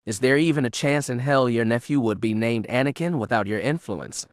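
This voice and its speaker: A man voicing a drunk, gruff middle-aged smuggler who talks loudly in a slurred drawl, read as an audiobook character. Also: medium pitch, fairly quick, no room sound, clean studio sound, close to an everyday voice. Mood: vehement.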